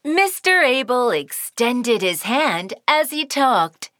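A woman narrating a children's cartoon story in a sing-song, expressive way. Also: fairly high pitch, slow, no room sound, clean studio sound.

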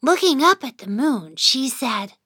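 A woman voicing a sleepy, patient young child who narrates a children's cartoon, in a gentle storytelling manner. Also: high-pitched, animated, measured pace, breathy edge, no room sound, clean studio sound, full character voice. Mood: narrating.

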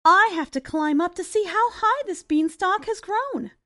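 A woman voicing an eager, polite young village boy in a storybook reading, talking in an excited way. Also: very high voice, unhurried, no echo, clean studio sound, pitched above the performer's own voice, heavily acted.

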